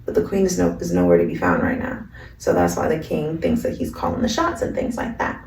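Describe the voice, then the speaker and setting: A woman's voice: low voice, sing-song, a little fast, a little mellow, distant mic, a little hiss or hum. A woman vlogger in a slangy, chatty casual recap of an anime, recorded in an echoey room. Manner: slangy, chatty, lots of fillers.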